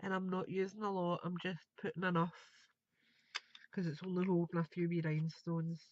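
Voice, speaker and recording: A woman's voice: fairly low pitch, little pitch movement, moderate pace, no room sound, muffled recording. A woman, chatting and thinking aloud as she demonstrates a craft project live. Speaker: craft tutor.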